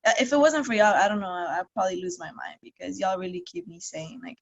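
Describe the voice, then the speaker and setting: A woman's voice: mid-range voice, animated, fast, vocal fry, highs cut off. A young woman on a group call, gushing and close to tears, saying "y'all" a lot. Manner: tearful, gushing, says "y'all". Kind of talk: emotional call sharing.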